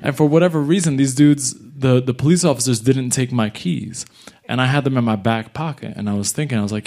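Animated slangy stand-up comedian man. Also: medium pitch, a little fast, vocal fry. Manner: animated, slangy, jumps into voices. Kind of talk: stand-up storytelling.

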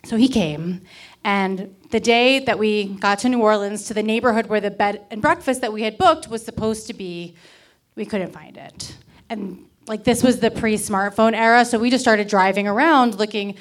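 A woman from Miami in her thirties telling a candid personal story to a live audience, with wry, deadpan comic timing. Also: mid-range voice, moderate pace. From Miami, Florida.

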